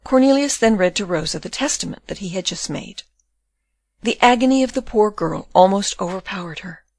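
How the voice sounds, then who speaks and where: As an audiobook narrator, a woman reads a classic novel aloud in a measured, expressive manner. Her voice is medium-pitched, and the recording is dry.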